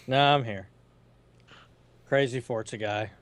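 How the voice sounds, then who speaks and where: A man's voice: medium pitch, dry recording. Sarcastic man on a podcast. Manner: dry and sarcastic. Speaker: podcast co-host. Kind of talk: casual chat.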